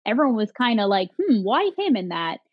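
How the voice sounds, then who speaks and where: A woman's voice: fairly high pitch, sing-song, brisk, husky, lo-fi sound. A woman co-hosting a casual review podcast over a video call, recapping scenes in a chatty way. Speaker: podcast co-host. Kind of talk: casual chat.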